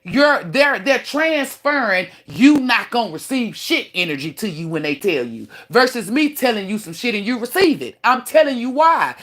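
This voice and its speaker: Speaking at a moderate pace with hardly any pauses, this woman has a fairly high, very animated, fairly bright voice. She livestreams as a self-proclaimed spiritual teacher, ranting in a blunt, preachy lecture laced with heavy swearing and boasts about her gifts.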